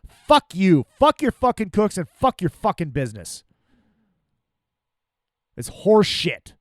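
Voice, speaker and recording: A podcast host ranting angrily and profanely about a restaurant, full of exasperation. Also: male voice, sits high, very animated, unhurried, no echo, studio quality.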